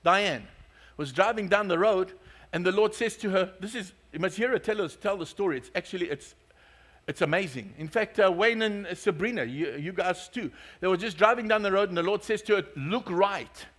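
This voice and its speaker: A male pastor with a notably high voice delivers a sermon. He tells stories and jokes with his congregation. His delivery stays lively and conversational. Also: a little fast. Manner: storytelling, joking, lively.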